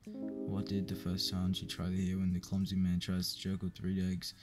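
A man reading a joke book aloud in a flat, weary way, with profane asides. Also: sits low, normal speed. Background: clear background music.

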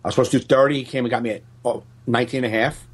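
A man's voice: mid-range voice, very fast, breathy edge. A man, a stand-up comedian, telling a story in casual podcast chat, swearing and acting out other people's voices. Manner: profane, animated, acts out other people's voices.

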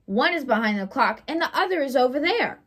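A woman's voice: high-pitched, very animated, a little fast, a bit bright, slightly rough, full character voice. A woman voicing a cheerful, literal-minded housekeeper in a read-aloud storybook, in a chirpy, earnest, sing-song way.

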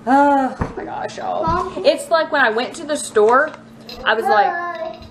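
A woman's voice: high voice, expressive, takes it slowly, a crowd in the background. A woman in her thirties with a Southern US accent, chatting playfully and giggling while filming a casual vlog in her home kitchen. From Mississippi. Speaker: vlogger, mother.

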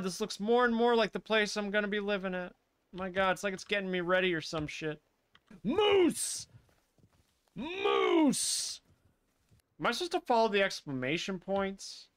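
A man with a higher-pitched, clean-toned voice streams a live playthrough, swearing freely as he reacts. He talks animatedly to his chat and to the characters on screen, giving running gameplay commentary.

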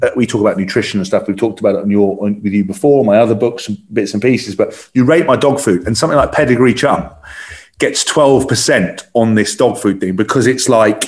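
A man's voice: lowish voice, fairly quick. A man chatting as a podcast guest over a video call, rambling with lots of fillers. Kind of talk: casual chat.

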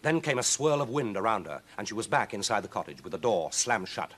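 A man reading a children's story aloud in a lively, expressive way. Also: on the low side, brisk, few pauses.

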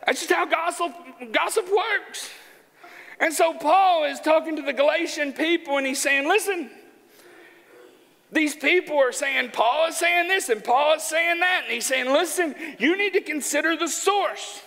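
High, bright-voiced joking preacher man. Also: unhurried, creaky. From Arkansas. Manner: animated, joking, folksy. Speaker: pastor. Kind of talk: sermon. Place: church sanctuary. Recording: church hall with long reverb.

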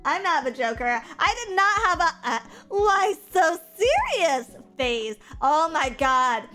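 A young adult woman livestreamer chatting casually, reading viewer comments aloud and reacting in an animated, profane, self-mocking way. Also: high voice, unhurried, faint music behind.

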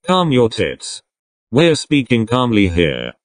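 A man's voice: mid-range voice, huge pitch swings, slow pace, no echo. A man voicing a blunt, protective young man who talks in a bossy, teasing, crude way. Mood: stern.

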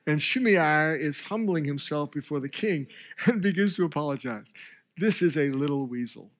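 A preaching pastor with a lively storyteller's voice. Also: male voice, fairly high pitch, moderate pace. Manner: storytelling preacher, voicing characters with rising emphasis. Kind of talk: sermon.

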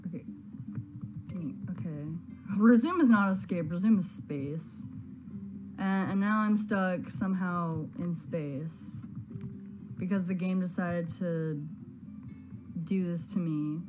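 A woman's voice: lowish voice, takes it slowly, long pauses, music in the background. A woman hosting a gaming video, giving flustered, exclaiming let's-play commentary with frequent stammers.

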